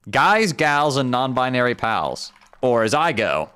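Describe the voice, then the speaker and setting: Excitable young male game streamer. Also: lowish voice, normal speed, a little hiss or hum. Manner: excitable and jokey, voice shooting up when startled. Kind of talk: live game stream commentary, reading chat.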